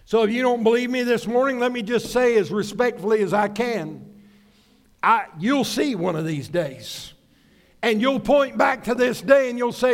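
A man's voice: extremely high pitch, animated, moderate pace. A man preaching a sermon as pastor, folksy and emphatic, mixing stories with scripture.

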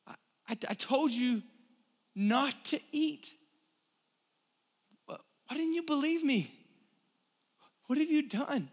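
A man voicing God as a grave, disappointed father figure who scolds slowly and sorrowfully. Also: very high-pitched, expressive, voice pushed up, heavily acted. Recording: long hall reverb.

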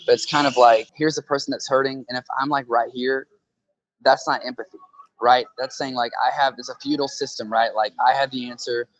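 A man's voice: medium pitch, steady tone, brisk, low-quality recording. A man in a casual conversation who talks into a handheld phone, explaining earnestly through analogies and often checking in with "right?".

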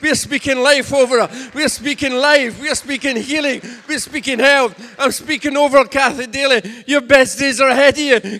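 A man's voice: very high-pitched, bright, forceful tone. A man preaching a sermon as pastor, making emphatic, repetitive declarations in a church. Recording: echoey church hall.

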